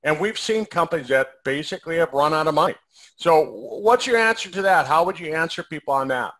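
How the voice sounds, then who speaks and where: A man co-hosting a casual question-and-answer chat, talking in a relaxed, rambling way with many fillers and restarts. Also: a little high, a little fast. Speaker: co-host of a compensation plan Q&A. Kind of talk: casual conversational Q&A.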